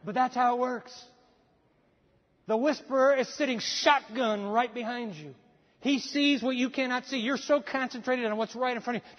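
A man preaching a sermon as pastor, telling a story with animated voices for the people in it. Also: extremely high pitch, normal speed. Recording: dull sound with long hall reverb.

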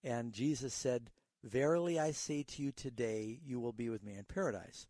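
A man hosts a Bible call-in program on the radio, answering listeners' questions like a patient teacher. His voice is mellow and warm. It is recorded dry and close in a studio. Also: medium pitch, normal speed, no room sound. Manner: earnest, teaching tone with a storytelling aside.

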